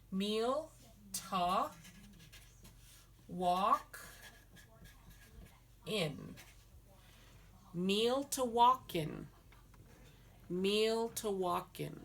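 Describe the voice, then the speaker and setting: A woman teaching a language lesson, patiently repeating words syllable by syllable. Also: mid-range voice. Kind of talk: slow spoken language lesson.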